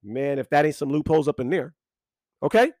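Casting: a high-voiced man who swings his pitch widely, speaking in a profane rant, close and dry. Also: brisk, no echo. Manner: animated, profane, ranting with emphatic repetition. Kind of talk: profane monologue.

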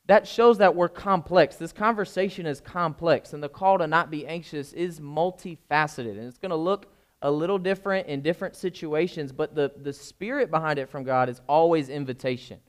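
A fairly high-voiced young man preaching in a relaxed, conversational way. He keeps checking in with the congregation, speaking to them like a pastor chatting with his church. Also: moderate pace. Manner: informal, keeps checking in with the listeners. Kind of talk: conversational sermon.

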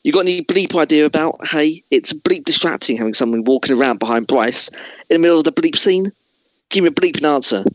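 A man's voice: on the high side, lively intonation, quick pace, no echo, muffled recording, pitched above the performer's own voice, natural voice. A man doing a raging film star on set. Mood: furious. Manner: ranting, swearing with bleeps said aloud. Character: enraged male film star berating crew on set.

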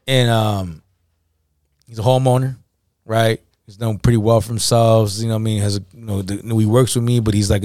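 A man's voice: on the low side, darkish tone, no room sound, clean studio sound. A man co-hosting a casual podcast, telling a story in heavy slang and acting out the quoted dialogue. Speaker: podcast co-host.

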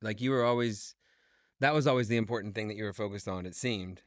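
Fast-talking animated man, dry close sound. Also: lowish voice, no room sound. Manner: quick, animated storyteller. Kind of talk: casual interview chat.

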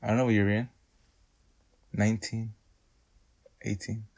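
A man's voice: fairly low pitch, level tone, normal speed, darkish tone. Man, casual podcast chat, loose, swears a lot, joking.

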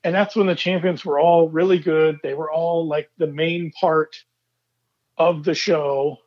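A man's voice: on the high side, fairly even intonation, unhurried. A man co-hosting a casual wrestling podcast, talking in an easygoing, reflective way. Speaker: podcast co-host. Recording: dull lo-fi mic.

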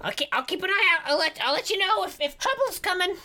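A small, jittery goblin who trips over his own words, squeaking far higher than a normal voice as he offers to help, put on by the game master. He talks fast and keeps restarting. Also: expressive, bright, forceful tone, a little hiss or hum, exaggerated voice. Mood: eager. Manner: stammering, repeating words. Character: timid eager little male goblin.

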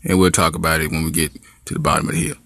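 A man's voice: rumbling low, very fast, creaky, fairly bright tone, no room sound, clean studio sound, voice pushed down, exaggerated voice. A man voicing a sheepish young man who mumbles his words.

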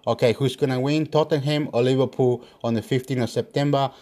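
A man's voice: medium pitch, steady tone, brisk, a little mellow. Rambling man muttering to himself. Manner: talks to himself, mutters and swears. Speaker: vlogger giving football predictions. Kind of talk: casual rambling monologue.

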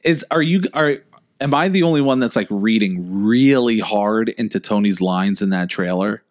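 A man's voice: on the low side, animated, normal speed. A man in casual chat about movies, thinking aloud with lots of hesitation and casual swearing.

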